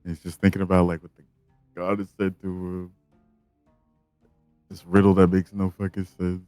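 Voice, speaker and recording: A man's voice: low voice, completely flat delivery, normal speed, darkish tone, dry recording, soft background music. A man playing a tabletop game, blunt and swearing freely in casual chat. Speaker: player.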